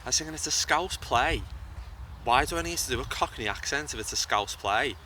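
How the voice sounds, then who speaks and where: A man's voice: mid-range voice, animated, brisk, pushed and bright. A young man being interviewed outdoors about acting, talking casually and often restarting his sentences. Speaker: interview guest, actor and YouTuber. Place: outdoors by a bridge. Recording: from a distance, with faint outdoor noise.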